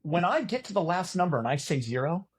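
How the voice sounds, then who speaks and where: A middle-aged man telling a story as a podcast guest in a casual, animated way, cursing and poking fun at himself. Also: a little high, fast talker, husky. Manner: animated, profane, self-mocking. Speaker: podcast guest, former volleyball player and announcer.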